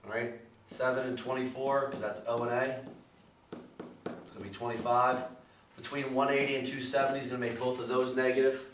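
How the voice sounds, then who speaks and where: A man's voice: mid-range voice, little pitch movement, a little fast, long pauses, a bit bright, far from the mic. Casual male math teacher in echoey room. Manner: casual, repetitive "okay, all right" checks. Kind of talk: recorded math lesson walkthrough. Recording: echoey room, voice somewhat off-mic, clear background noise.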